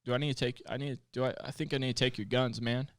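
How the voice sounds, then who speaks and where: A man in his late twenties, a podcast guest telling a personal story in a candid, plainspoken way. His voice is smooth and resonant, with a flat, even delivery, recorded dry and close. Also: medium pitch, quick pace, no echo. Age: late 20s. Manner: candid and plainspoken, with frequent swearing and fillers. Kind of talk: personal storytelling in casual conversation.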